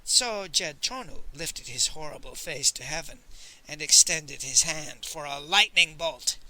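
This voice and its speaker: A male audiobook narrator who reads in an animated storytelling style. His voice sits fairly high, with wide pitch swings and a sharp, bright tone. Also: a little slow, rough recording. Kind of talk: expressive audiobook reading.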